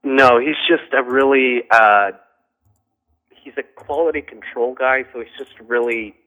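A man's voice: mid-range voice, pushed and bright. Tired man on a tinny phone line. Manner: hesitant, halting, many restarts. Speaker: caller. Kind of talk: call-in radio chat.

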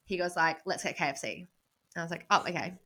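A woman in her twenties with an Australian accent, co-hosting a casual podcast and telling stories with lively quoted asides. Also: lowish voice, fast talker. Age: 20s. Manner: storytelling, swears freely, animated quoted asides. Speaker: podcast co-host. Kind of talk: casual chat.

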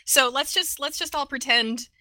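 A woman from Southern California co-hosting a podcast in casual chat, jokey and quick to laugh. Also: high voice, a crowd in the background. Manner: jokey, laughs often, talks while eating. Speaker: podcast co-host.

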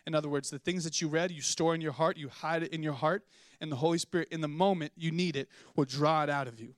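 A young man preaching a sermon in a church, telling stories with animated acted-out voices and asking the congregation to respond. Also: a little high, fast, no room sound, clean studio sound. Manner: animated storytelling, acts out voices in anecdotes. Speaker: pastor. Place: church sanctuary.

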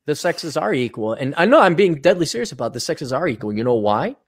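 A man with a fairly high, quick voice co-hosts a casual podcast, telling stories and animatedly acting out quoted voices. He's from the United States, and the recording is clean studio quality with no echo.

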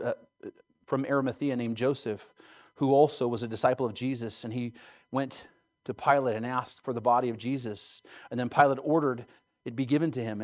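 A man preaching, reading scripture aloud with dramatic swings from loud cries down to hushed, solemn lines. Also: mid-range voice.

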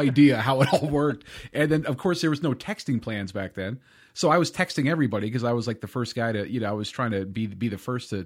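Male podcast host, somewhat low voice, rambling and full of restarts. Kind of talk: casual interview chat.

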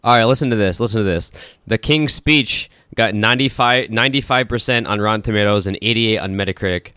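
A man's voice: on the low side, brisk, sharp tone, smooth, no room sound. A man co-hosting a podcast, rambling and swearing in casual banter about movies, laughing often. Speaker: podcast co-host.

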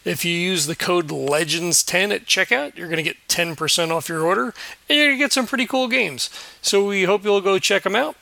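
Upbeat male host with a bright voice. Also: high-pitched, brisk, vocal fry, dry recording. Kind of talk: sponsor read and casual game chat.

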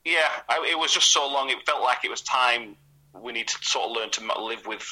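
A man's voice: medium pitch, a little fast, pushed and bright, low-quality recording. A young man, a football fan guest, chatting casually with eager, rambling explanations. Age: young adult. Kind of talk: casual chat.

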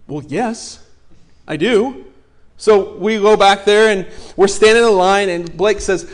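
Animated high-voiced male pastor. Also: normal speed. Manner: animated, joking, acts out the people in his story. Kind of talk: sermon storytelling.

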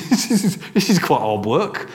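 A man's voice: a little high, big pitch swings, unhurried. Chatty male preacher. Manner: conversational, with restarts and asides. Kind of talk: sermon. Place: church.

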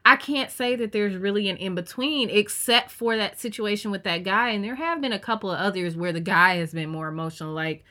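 A young woman chatting openly as a podcast co-host, her voice clear and bright. She talks frankly and swears without a second thought, with plenty of fillers and restarts. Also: medium pitch, fairly quick, hardly any pauses. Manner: candid, swears freely, lots of fillers. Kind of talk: casual chat.

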